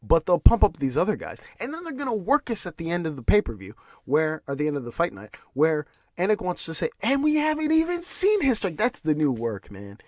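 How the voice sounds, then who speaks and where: A man's voice: fairly high pitch, big pitch swings, fairly quick, hardly any pauses, a little mellow, no echo, clean studio sound. A man hosting a podcast, ranting in casual solo commentary with restarts and repeated words. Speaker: podcast host.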